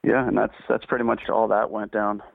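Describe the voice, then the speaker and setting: A man's voice: on the low side, flat delivery, fairly quick, gravelly, dry recording. Earnest young man on a tinny line. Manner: earnest, plain-spoken, with frequent fillers. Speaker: interview guest, aspiring actor. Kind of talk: casual interview talk. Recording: tinny phone-line sound.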